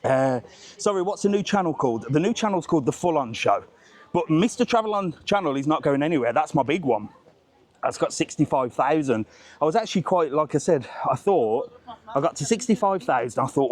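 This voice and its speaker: A middle-aged man chats and rants as he strolls through an outdoor market, laughing often. His voice sits at an ordinary middle pitch and is picked up outdoors on a small clip-on mic. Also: lively intonation, fairly quick. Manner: chatty and ranting, laughs often. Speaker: travel vlogger. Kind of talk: casual walking vlog chat. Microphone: clip-on mic, later removed.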